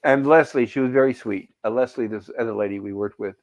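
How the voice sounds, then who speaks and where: A man's voice: mid-range voice, quick pace. A man chatting casually on a game stream, rambling, with many restarts and asides, reading out viewer comments.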